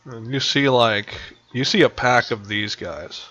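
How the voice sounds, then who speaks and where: Male game master, bright, dry sound, rambles with fillers, dull voice-chat line. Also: medium pitch, unhurried, no echo. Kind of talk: narrating a tabletop game. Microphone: voice chat headset.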